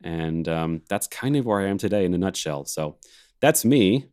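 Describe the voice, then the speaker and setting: A laid-back American man in his thirties with a very low, deep voice, from Alabama. He rambles through his story in a casual chat over a video call and laughs easily. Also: animated, normal speed, a little mellow. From Alabama, USA. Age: 30s. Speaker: organist and film composer, co-host.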